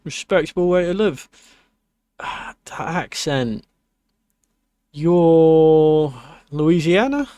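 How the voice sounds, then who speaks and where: A man acting as game master, narrating and voicing characters in a measured way. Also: fairly high pitch, lively intonation, mellow, smooth, no room sound.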